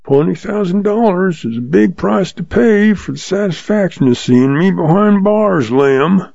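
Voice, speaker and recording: A sly old outlaw drawls with patient, folksy calm, as a man puts him on. The voice sits higher than the narrator's and keeps a gravelly, husky edge. The sound is dull and lo-fi, in a storybook reading. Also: unhurried, no echo, heavily acted.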